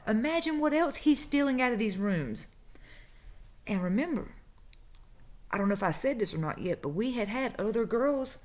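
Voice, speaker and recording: Animated woman telling a story. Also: a little high, moderate pace, pauses often. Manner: animated, acts out the people she quotes. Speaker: vlogger telling a work story. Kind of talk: casual storytelling.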